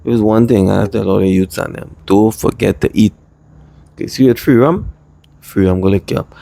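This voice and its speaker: A man from Trinidad with a Trinidadian accent, casually telling a rambling personal story in lively dialect. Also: fairly low pitch, a little fast, creaky. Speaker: vlogger.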